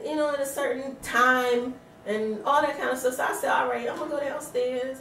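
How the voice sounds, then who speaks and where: A woman's voice: fairly high pitch, far from the mic, slight background noise. Pregnant woman telling a story, roomy. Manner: animated storyteller acting out quotes, laughing. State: pregnant, tired. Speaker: vlogger. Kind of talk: casual storytelling vlog. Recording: roomy sound from away from the mic.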